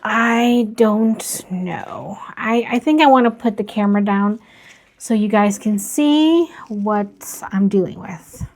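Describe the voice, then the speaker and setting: A woman vlogging about plant care, talking softly and slowly as she works, with worried asides. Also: medium pitch. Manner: slow, soft-spoken, worried asides. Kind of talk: casual narration while working.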